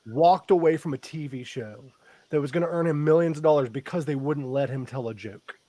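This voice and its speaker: Teasing podcast host, higher voice. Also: male voice, brisk, warm tone, no echo. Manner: teasing, laughing, joking. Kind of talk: casual crude podcast banter.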